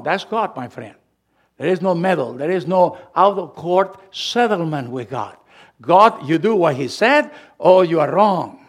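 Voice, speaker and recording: High-voiced Latin American preacher. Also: male voice, lively intonation. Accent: Latin American Spanish. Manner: preaching with emphatic, slowed phrases. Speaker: pastor. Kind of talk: sermon.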